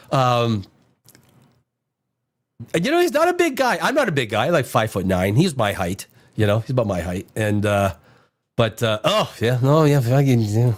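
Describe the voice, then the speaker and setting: A man's voice: medium pitch, big pitch swings, moderate pace. A man hosting a casual chat, rambling and cursing with many restarts. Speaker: host.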